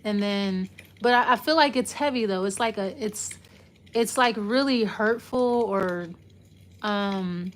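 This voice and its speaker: A woman's voice: medium pitch, unhurried. A woman giving a casual, loose tarot reading, rambling and trailing off as she talks it through. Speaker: tarot reader.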